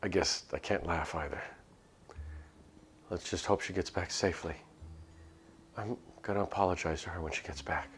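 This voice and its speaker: A frail man in pain from a game story, his speech faint, strained and gentle as a man reads him aloud. The voice sits very low with a gravelly edge. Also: fairly even intonation, normal speed, long pauses, a little hiss or hum. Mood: weak. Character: weak, ailing man in pain.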